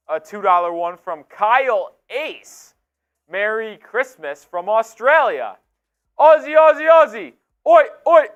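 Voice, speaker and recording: A young man co-hosts a live sports stream, reading out viewer messages in a casual, energetic way. His voice is smooth, clear and a little high, and he breaks into loud, excited bursts.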